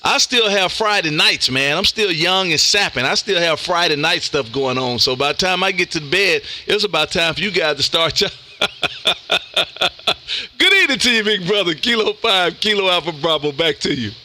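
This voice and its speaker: A man's voice: fairly high pitch, moderate pace, sharp tone, slight background noise. A man hosting a ham radio live stream, chatting in an upbeat, casual way and calling everyone "man". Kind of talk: casual on-air radio chat.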